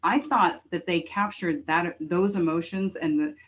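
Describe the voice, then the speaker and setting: A woman co-hosting a casual film podcast, telling her views in an animated, expressive way. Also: lowish voice, unhurried, breathy edge. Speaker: podcast co-host. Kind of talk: casual discussion.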